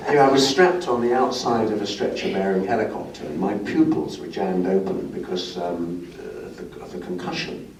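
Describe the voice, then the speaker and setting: An older man with a lowish voice tells a racing anecdote with wry, self-mocking humor. He is picked up from across an echoey function room, with faint room noise behind him. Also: lively intonation, a little fast. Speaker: guest speaker. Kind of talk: anecdotal storytelling to an audience. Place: club brunch function room. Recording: echoey room, recorded from a distance.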